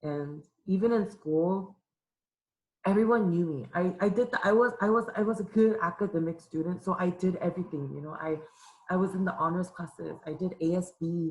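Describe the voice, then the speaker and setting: A woman's voice: on the low side, normal speed, darkish tone, low-quality recording. A young woman from Los Angeles, a youth minister, giving a candid and emotional personal testimony, tearful at times. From Los Angeles, California. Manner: candid and emotional, with many fillers and restarts. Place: church room with an audience.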